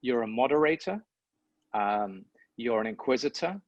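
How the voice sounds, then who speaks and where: An animated sports broadcaster with a mid-range voice talks at normal speed in an interview conversation, thinking reflectively and repeating words. The recording has no echo but sounds dull and lo-fi.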